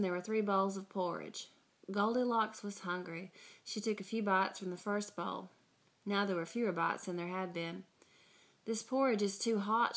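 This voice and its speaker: A woman in her thirties from Arkansas with a Southern accent, introducing herself and reading a story for a dialect sample in a measured, soft-spoken way. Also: medium pitch, vocal fry. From Searcy, Arkansas, US South.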